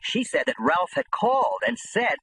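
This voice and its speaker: A man reads a gritty first-person memoir aloud as an audiobook. His voice sits fairly high and bright, swinging widely in pitch as he tells the story with a tough, lively edge. A faint hiss lies under the reading. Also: normal speed, low-quality recording. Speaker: audiobook narrator.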